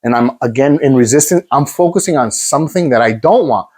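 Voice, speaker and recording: An earnest man hosting a self-help coaching talk, speaking straight to his audience as "guys." He often restarts his phrases, in a mid-pitched voice. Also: expressive, a little fast, a little mellow, slightly rough. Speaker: host, coach.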